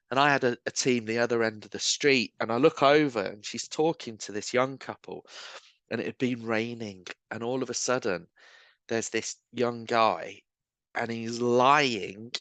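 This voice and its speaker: A man, a street evangelist, telling lively self-mocking anecdotes in casual chat. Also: medium pitch, no room sound. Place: pub bar.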